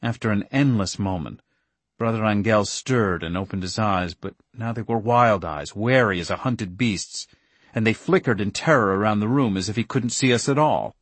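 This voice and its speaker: A man narrating a story in the first person with an earnest, steady storytelling manner. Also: lowish voice, normal speed, no echo. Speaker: audiobook narrator.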